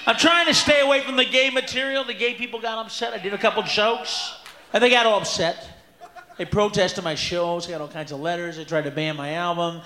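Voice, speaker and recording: Loud, profane man doing stand-up. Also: sits high, fairly even intonation, brisk. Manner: loud, profane, bursts into shouting. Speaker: stand-up comedian. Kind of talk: stand-up comedy set. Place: live comedy stage. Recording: echoey live venue with room noise.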